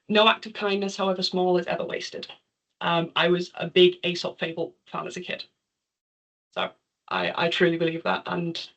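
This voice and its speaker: A woman with a mild accent from near Liverpool speaks in a low, easy voice. She gives an online conference talk and answers questions in a chatty, self-deprecating way. The audio comes through a somewhat muffled video call line. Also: creaky. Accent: English, near Liverpool.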